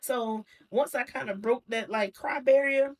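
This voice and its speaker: A woman's voice: a little high, measured pace. Candid young woman, laughing as she talks. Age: young adult. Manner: candid, laughs often, many restarts. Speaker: guest. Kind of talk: casual personal chat.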